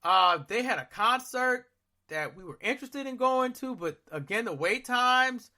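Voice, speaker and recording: Lively, bright-voiced man in his thirties. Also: very high voice, unhurried. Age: 30s. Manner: animated, acts out his own reactions with loud shouts. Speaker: podcast co-host. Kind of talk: casual storytelling.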